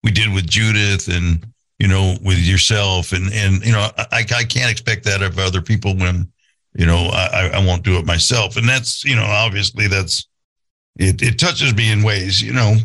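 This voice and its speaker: A man's voice: deep voice, fairly even intonation, normal speed, fairly bright tone, poor audio. A man in his sixties, a podcast host, telling his own life story in an earnest, reflective, conversational way, thinking aloud as he goes. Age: 60s.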